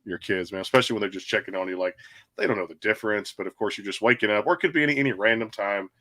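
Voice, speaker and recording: A man in his thirties from Texas, hosting a casual interview, with rambling, easygoing questions and frequent throat clearing. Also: fairly low pitch, rapid-fire, pushed and bright. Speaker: host.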